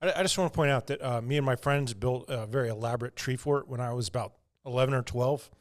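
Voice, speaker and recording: A podcast co-host drops dry, sarcastic comments about the movie in casual chat. His voice sits at an ordinary middle pitch. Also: fast.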